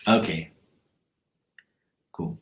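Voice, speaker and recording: Very slowly and with a fairly bright tone, a Bermudian man hosting a tarot live stream talks casually in an echoey room. He wanders from topic to topic while addressing commenters by name.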